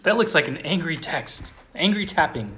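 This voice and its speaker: A woman's voice: low voice, lively intonation, moderate pace, background noise. A woman in a casual chat, chiming in with playful quips.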